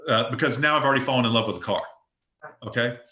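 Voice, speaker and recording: A man's voice: medium pitch, fast, pushed and bright. Emphatic man coaching agents, roomy sound. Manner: emphatic, repetitive, frequent restarts. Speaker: real estate broker coaching agents. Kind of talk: casual coaching talk in an open forum. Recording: roomy echo.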